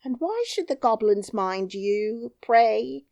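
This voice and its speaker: A woman's voice: a little high, lively intonation, slow pace, creaky, warm tone, pitched above the performer's own voice, exaggerated voice. A woman voicing a fussy, fretful nursemaid who scolds indignantly and near tears.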